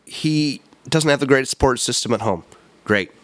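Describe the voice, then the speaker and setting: A man's voice: mid-range voice, moderate pace, a bit bright, dry recording. A man hosting a solo podcast, ranting in an emphatic, rambling way, repeating words and correcting himself. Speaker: podcast host. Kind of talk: solo opinion podcast rant.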